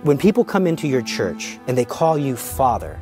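A man's voice: mid-range voice, big pitch swings, normal speed, warm tone, soft background music. A man giving a fervent, emphatic teaching on the Eucharist, demonstrating with the hosts as he speaks and asking rhetorical questions.

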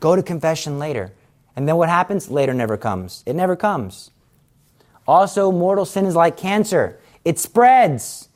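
Casually teaching about Catholic confession, a man speaks in a high, animated, slightly mellow voice at a somewhat slow pace. He's earnest and urging, keeping it conversational while acting out daily scenes in quoted voices.

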